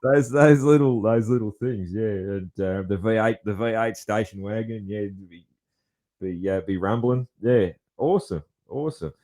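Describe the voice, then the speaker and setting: A man's voice: on the low side, normal speed, mellow. A man hosting a podcast, talking in a rambling, chuckling way with many restarts. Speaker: podcast host. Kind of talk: casual chat.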